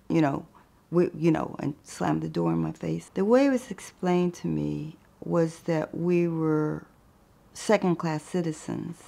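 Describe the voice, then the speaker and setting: An older woman photographer telling her life story in a thoughtful, unhurried way. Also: fairly low pitch, vocal fry. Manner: thoughtful, unhurried, with soft laughs. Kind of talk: reflective personal storytelling.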